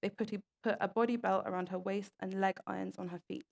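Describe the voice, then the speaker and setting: A woman's voice: medium pitch, steady tone, fast, vocal fry, darkish tone. A young woman giving a talk at an event, reading stories aloud in an earnest way and tripping over a word now and then. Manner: earnest, with small stumbles and restarts. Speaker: speaker at an event.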